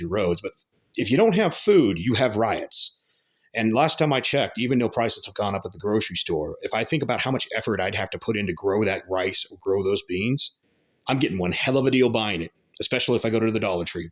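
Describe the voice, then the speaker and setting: A man hosting a commentary channel delivers a blunt, rambling opinion monologue full of coarse language. His voice is lowish, and the recording has its highs cut off.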